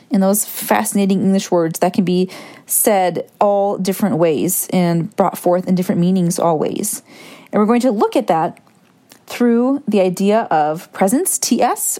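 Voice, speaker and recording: A woman hosting a reflective solo podcast, talking in a gentle, musing way and wandering into asides. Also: mid-range voice. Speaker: podcast host.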